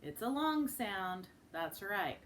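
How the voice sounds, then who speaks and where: A woman teaching a children's phonics lesson. She models each sound slowly and with exaggeration, and breaks into sing-song chants. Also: mid-range voice, sing-song, a bit bright, a little hiss or hum. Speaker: speech and language teacher.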